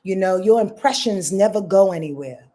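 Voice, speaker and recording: A woman in her fifties, an astrologer hosting a live reading, talking in a rambling, heartfelt, expressive way. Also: medium pitch, moderate pace. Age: 50s. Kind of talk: casual live talk.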